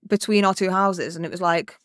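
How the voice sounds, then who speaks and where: A young woman, a podcast co-host, telling a story in casual chat, animated and swearing freely. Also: lowish voice, a little fast, no room sound, studio quality.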